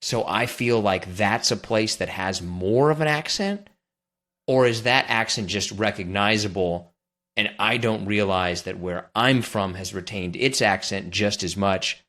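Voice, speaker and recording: A man's voice: fairly low pitch, measured pace, fairly bright tone. A man hosting a podcast, asking curious, slightly hesitant questions full of "like" and "kind of". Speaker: podcast host. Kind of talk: casual interview questions.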